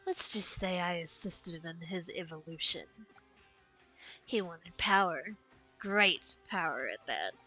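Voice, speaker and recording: A scheming male villain, voiced by a woman streamer in a game, smug and politely condescending. His lines come out smooth and unhurried in a bright tone. Faint game music runs underneath. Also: fairly low pitch, lively intonation, exaggerated voice, low-quality recording. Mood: calm. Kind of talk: reading game dialogue aloud.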